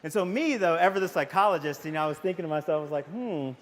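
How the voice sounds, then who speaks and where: A man's voice: a little high, rapid-fire. Texan man telling stories in a hall. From Waco, Texas. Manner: casual, storytelling, jokey, questions the audience. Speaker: psychology professor. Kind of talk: convocation talk to students. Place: large hall with audience. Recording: long hall reverb.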